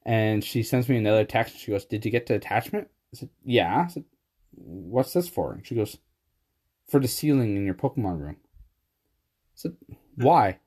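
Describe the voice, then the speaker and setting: Low mellow-voiced man telling stories. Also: normal speed, long pauses, husky. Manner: laughs often, animated storytelling. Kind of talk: casual chat.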